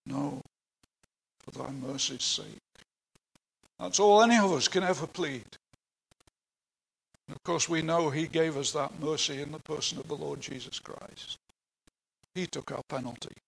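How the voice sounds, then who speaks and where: A man's voice: fairly high pitch, vocal fry, fairly bright tone, breathy edge, poor audio. An older man preaching a sermon, earnest and emphatic, explaining scripture in plain words with a few asides. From England.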